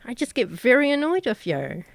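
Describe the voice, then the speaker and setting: A woman game master hosting her stream over an online call, bubbly and playfully bossy, quick to laugh. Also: on the high side, sing-song, gravelly, no echo. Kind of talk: casual stream chat, introducing players.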